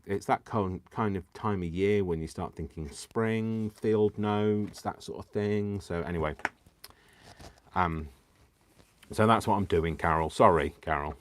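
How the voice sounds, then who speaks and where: A deep, low-voiced man runs a casual crafting livestream from his home, rambling giddily with restarts and remarks aimed at viewers. He keeps chuckling and poking fun at himself, and there's no room sound in the recording.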